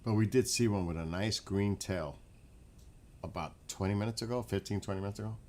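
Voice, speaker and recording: Hushed New York man chatting at night. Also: lowish voice, brisk. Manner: relaxed, rambling, chatty with viewers, often hushed. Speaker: livestream host. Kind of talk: casual late-night livestream chat. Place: outdoors at night in front of a rural house.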